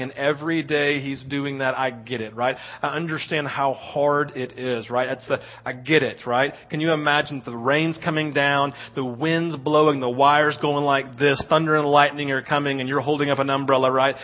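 Animated man preaching a sermon. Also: mid-range voice, muffled recording. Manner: animated storytelling with frequent "right?". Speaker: pastor.

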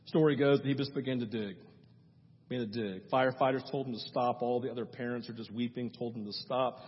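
A man's voice: medium pitch, fairly even intonation, quick pace, husky. A male pastor preaching a sermon, telling a story with emphatic, repeated phrases, in a dull, reverberant church hall recording.

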